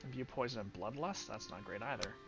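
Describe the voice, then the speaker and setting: A man's voice: mid-range voice, brisk, over loud music. A man casually commenting on his gameplay, thinking aloud as he weighs upgrades and mutters his choices. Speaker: gaming YouTuber.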